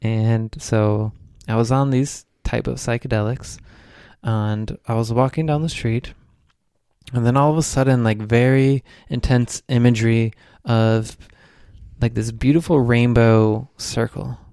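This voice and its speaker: A man's voice: mid-range voice, fairly even intonation, unhurried, warm tone, smooth, no room sound, studio quality. A young man, a podcast co-host, telling a rambling spiritual story in casual chat, full of "like"s.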